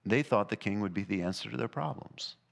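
Male pastor delivering a sermon, emphatic, shifting from loud highs to low, quiet passages. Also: lively intonation, fairly quick, gravelly. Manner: emphatic preaching, rising and falling in pitch and volume.

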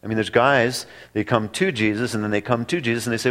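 A man preaching a sermon that works through a passage, speaking deliberately with drawn-out pauses and emphatic repetition. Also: medium pitch, steady tone, fairly bright tone. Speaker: pastor. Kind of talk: expository sermon.

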